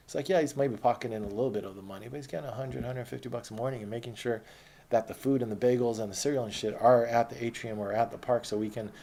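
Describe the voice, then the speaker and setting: A man's voice: mid-range voice, fairly even intonation, fast talker, gravelly, mellow. A man telling a rambling, profane, streetwise story from his own life in casual speech.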